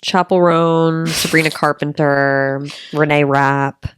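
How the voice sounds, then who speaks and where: A woman's voice: low voice, little pitch movement, slow pace, clean tone, dry recording, clean studio sound. A woman chatting as a podcast guest, enthusiastic and strongly opinionated, stretching words out for emphasis. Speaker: podcast guest, book content creator. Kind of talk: casual podcast chat.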